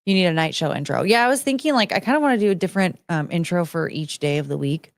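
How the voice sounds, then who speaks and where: A woman's voice: lowish voice, lively intonation, fast talker, no echo. A young woman hosting a casual live stream, rambling and chatting with her viewers and greeting them by name. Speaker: livestream host.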